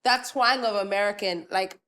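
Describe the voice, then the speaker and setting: A young woman raised in Ireland, with a mixed international accent carrying a faint Irish trace, co-hosting a podcast in a relaxed, playful way. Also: medium pitch, normal speed, clean tone. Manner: relaxed, playful, trails off and restarts. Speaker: podcast co-host. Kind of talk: casual chat.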